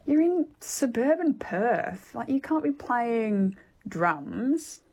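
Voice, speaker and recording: A woman's voice: a little high, very animated, slow pace, a little mellow, husky. A woman on radio, chatting with giggles and giving a weather report. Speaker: weather presenter.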